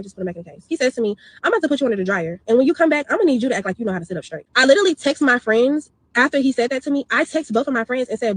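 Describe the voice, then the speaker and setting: A young woman quickly retelling a bad salon visit in a storytime video, indignant and talkative. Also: fairly high pitch, breathy edge, dry recording. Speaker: customer telling her story.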